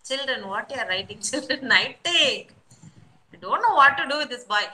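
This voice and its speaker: A woman teaching kindergarteners over a video call, slowly repeating numbers and coaxing the children. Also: high voice, animated, bright, forceful tone, poor audio. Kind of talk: online class instruction.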